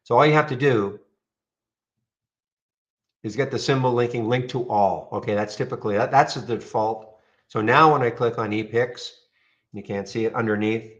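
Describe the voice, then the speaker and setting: A man casually walking viewers through trading software on a screen share, rambling and checking in with "okay?". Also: mid-range voice, moderate pace, pauses often, dull audio. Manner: rambling, frequent restarts and "okay?" check-ins.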